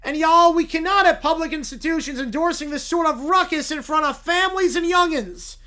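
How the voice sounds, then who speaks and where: Figure: a man playing an indignant Southern lawyer. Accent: put-on Southern US drawl. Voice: high, bright, loud and preachy. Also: fairly quick. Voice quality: booming, preachy, folksy sayings. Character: loud self-righteous Southern male lawyer, moralizing. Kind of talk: comic improvised courtroom role-play.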